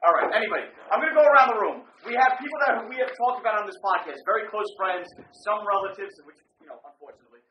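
Loud, yelling male podcast host. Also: sits high, fast talker, few pauses, recorded from a distance. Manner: loud, yelling, playful showman. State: a bit tipsy. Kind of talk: rowdy live podcast chat. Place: large hotel room full of people. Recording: echoey room, from off the mic, dull, faint noise.

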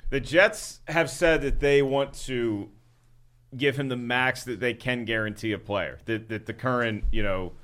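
A man co-hosts a podcast in a casual chat, speaking earnestly but rambling and often restarting. His mid-range voice is fairly bright and his pace measured.

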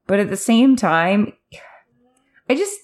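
A woman's voice: medium pitch, animated, takes it slowly. A woman co-hosting a casual book discussion, venting emphatically with frequent swearing. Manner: frustrated, emphatic, swears, repeats "here's the thing". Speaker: podcast co-host.

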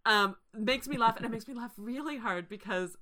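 A woman co-hosting a casual film discussion, talking in an animated way with restarts and laughs. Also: fairly high pitch, normal speed, a crowd in the background. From Canada. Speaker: podcast co-host.

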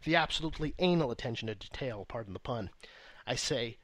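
A man's voice: medium pitch, animated, fast talker, fairly bright tone, dry recording. A man co-hosting a podcast, reading listener letters aloud in a wry, profane, mock-reverent casual chat. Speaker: podcast co-host.

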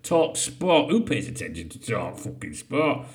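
A man's voice: mid-range voice, sing-song, unhurried. A man hosting a casual solo podcast. He reads out headlines and breaks in with sweary, jokey asides. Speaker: podcast host.

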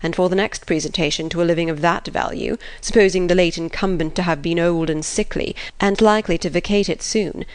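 A woman reading the part of a pompous, fussy gentleman who lectures his sister. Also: fairly low pitch, fairly even intonation, a little fast, hardly any pauses, smooth, close to an everyday voice. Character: pompous fussy gentleman, self-important brother.

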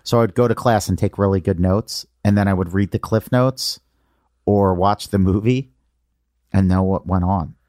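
A man's voice: deep voice, normal speed, a little mellow, no room sound, studio quality. A man in his forties, a podcast host, chatting casually and telling stories with enthusiasm. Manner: enthusiastic storytelling. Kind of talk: casual chat.

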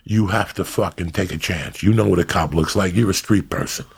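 A middle-aged man from New Jersey hosting a podcast, telling stories in a profane, animated, ranting way. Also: low voice, brisk, gravelly, husky. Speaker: podcast host. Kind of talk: casual podcast banter.

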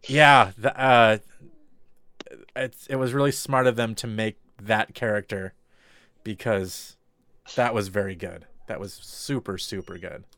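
A man's voice: on the low side, steady tone, a little slow, a bit bright, dry recording. A man co-hosting a podcast, rambling in casual chat with many fillers and restarts. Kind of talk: casual chat about TV shows.

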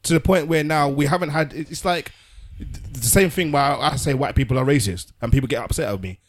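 A man's voice: a little high, fast talker. A man explaining his view in casual podcast talk, earnestly, often repeating words as he works through a point. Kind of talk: casual discussion.

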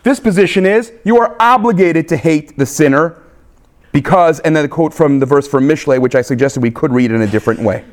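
A man, a rabbi giving a live lecture, emphatic and animated, checking in with his listeners with frequent "right?" and "okay?". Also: a little high, a little fast.

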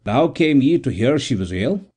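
A man voicing a rough, good-natured doctor in a storybook reading. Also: mid-range voice, sing-song, moderate pace, warm tone, pitched above the performer's own voice. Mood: gruff kindly. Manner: rough and kindly. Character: gruff good-natured Scottish town doctor.

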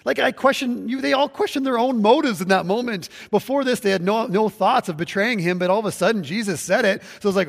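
A pastor giving a conversational sermon, with restarts and acted-out quotes. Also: male voice, high-pitched, expressive, normal speed, vocal fry, big-room sound. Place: church sanctuary, livestreamed.

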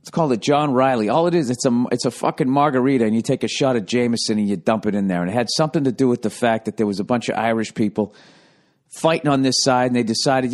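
A man hosting a podcast alone, telling a long story in a rambling, swearing way and now and then jumping up into high, mocking impressions of other people. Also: fast. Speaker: podcast host. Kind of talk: casual storytelling monologue.

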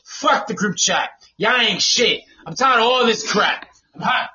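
A man hosting a casual podcast, ranting loudly and profanely with lots of laughter and repetition. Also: high voice, expressive, unhurried. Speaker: podcast host. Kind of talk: casual comedic rant. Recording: dull lo-fi sound with noise.

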